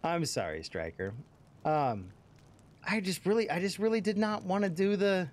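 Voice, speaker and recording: Riffing on his game stream, this let's play streamer swears a lot, wanders between jokes, and does character voices. He talks at a moderate clip in a voice on the high side that swings widely in pitch.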